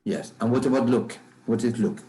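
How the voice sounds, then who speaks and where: A man teaching a grammar class in a measured lecture, often checking understanding with "okay?" and "right?". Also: medium pitch, dark tone, rough recording.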